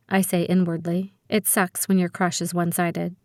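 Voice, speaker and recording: A woman reading a teen spy thriller audiobook aloud in the first person, with brisk, expressive storytelling. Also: lowish voice, no room sound, studio quality. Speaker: audiobook narrator. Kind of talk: first-person scripted narration.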